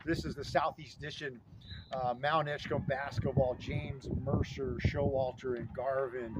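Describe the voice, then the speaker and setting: A man's voice: mid-range voice, fairly even intonation, normal speed. A man in his fifties from Southeast Alaska, hosting a casual, nostalgic vlog and listing old names with rambling enthusiasm. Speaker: vlog host. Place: outdoors in front of a fieldhouse. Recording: loud outdoor traffic noise. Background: loud street and traffic noise.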